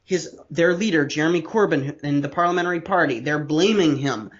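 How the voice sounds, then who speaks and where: A man's voice: fairly high pitch, fairly quick, echoey room, muffled recording. A man co-hosting a podcast, explaining political history in detail with a lecturing, casual manner and frequent restarts.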